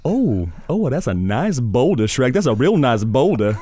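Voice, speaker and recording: A man voicing an excitable, chatty male cartoon donkey in a high, yammering voice. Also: measured pace, husky, no room sound. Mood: pushy.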